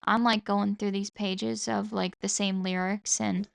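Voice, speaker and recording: A young woman rambles through a solo podcast episode in a heavily gravelly, fry-laden voice. She packs her talk with "like" and drops casual swears. The sound is close and dry, with no room behind her. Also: mid-range voice, little pitch movement, a little slow, dry recording. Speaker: podcast host.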